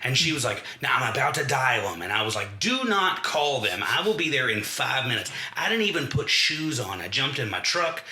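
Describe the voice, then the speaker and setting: A man's voice: mid-range voice, fairly quick, few pauses. A man casually telling a funny story on a podcast, acting out the lines of people in it. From Kentucky. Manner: animated storyteller, acts out quoted dialogue. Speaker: podcast co-host. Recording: echoey room.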